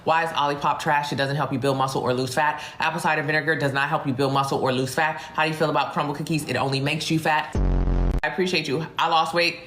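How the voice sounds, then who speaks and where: A man's voice: fairly high pitch, steady tone, fast talker. A man answering live comments as a fitness coach, blunt and mocking as he reads questions and roasts the people who sent them. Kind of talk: blunt livestream Q&A. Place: indoors at home, streaming live. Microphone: phone mic. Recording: music playing behind.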